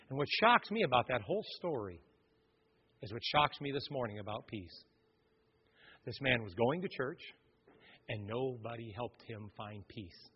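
Husky-voiced pastor preaching with big swings. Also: male voice, a little high, animated, normal speed, muffled recording. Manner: dramatic swings from loud preaching to hushed near-whisper. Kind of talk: sermon.

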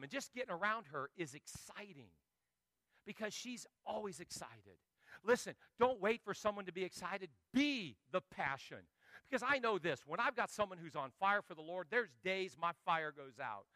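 A man preaching a sermon as pastor, telling animated stories and joking with the congregation. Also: high voice, moderate pace, dry recording.

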